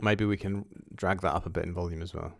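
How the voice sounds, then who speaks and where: Low-voiced man producing over loud music. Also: fairly even intonation, fast talker, creaky. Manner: thinks aloud, chatty, self-correcting. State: sneezing and coughing, a bit congested. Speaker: music producer streaming a session. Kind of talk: casual livestream talk while working. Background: loud electronic music playing.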